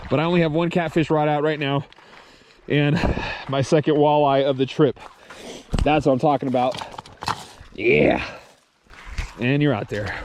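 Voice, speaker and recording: Excitable man hollering while fishing outdoors. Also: on the high side, moderate pace, pauses often, slight background noise. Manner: excitable, hollers at the fish, swears casually. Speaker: fishing vlogger. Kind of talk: excited outdoor vlog commentary. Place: outdoors on a reservoir shore.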